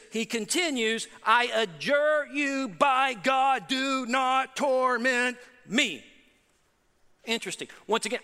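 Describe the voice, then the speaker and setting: A man's voice: extremely high pitch, sharp tone. A man preaching a sermon as pastor, emphatic and conversational, repeating key phrases. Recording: preaching in a reverberant hall.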